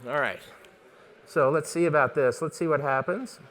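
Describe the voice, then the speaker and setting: High-voiced chatty photography teacher. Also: male voice, fairly bright tone. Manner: chatty, jokey, fast-talking teacher quizzing the audience. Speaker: photography instructor. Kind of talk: live workshop demonstration. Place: conference stage before a live audience.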